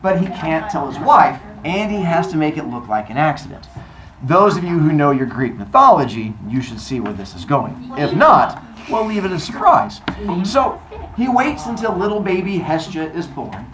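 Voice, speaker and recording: A woman retelling a myth in a lively comic way, joking and quizzing her listeners. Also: low voice, normal speed. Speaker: storyteller. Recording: echoey room, noisy.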